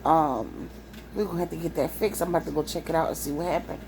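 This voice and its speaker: A woman voicing her flustered husband relaying bad news, lowering and hushing her voice with hesitant pauses. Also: background noise. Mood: hurried, flustered.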